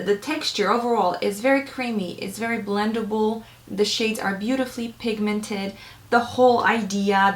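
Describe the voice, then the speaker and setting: A woman's voice: mid-range voice, a bit bright, roomy sound. A young adult woman chatting casually and enthusiastically to camera as a beauty vlogger, with lots of fillers. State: a little out of breath.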